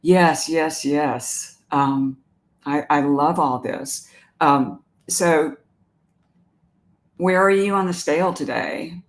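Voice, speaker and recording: A woman hosting a live stream as an animal communicator. She talks gently and emotionally about pet loss and answers viewer comments, often pausing and restarting her sentences. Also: low voice. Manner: warm, emotional, halting with many restarts.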